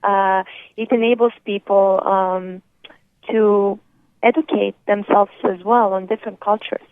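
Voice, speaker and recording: A woman's voice: mid-range voice, fairly even intonation, measured pace, no room sound. A woman guest on a radio show, speaking as a dating expert, with nervous giggles and many ums. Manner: giggly, with frequent ums and laughs. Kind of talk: phone-in interview. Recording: tinny, dry phone line.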